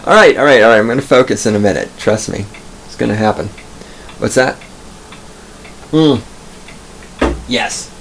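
A man's voice: on the low side, moderate pace, gravelly, long pauses, a bit bright, a little hiss or hum. A man hosting a podcast from a studio booth, telling stories in a profane, digressive, self-amused ramble. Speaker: podcast host. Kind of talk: rambling comic monologue.

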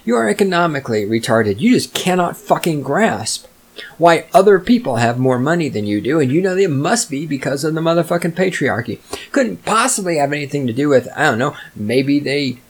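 A man's voice: a little high, darkish tone. Profane, sarcastic man ranting. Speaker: podcast host. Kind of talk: solo rant monologue.

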